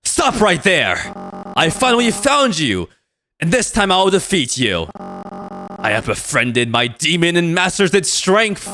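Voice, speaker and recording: A boastful, dramatic young hero, voiced by a man who declaims every line. His delivery is lively and swings widely in pitch, full of overblown resolve. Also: takes it slowly, faint music behind, exaggerated voice. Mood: heroic.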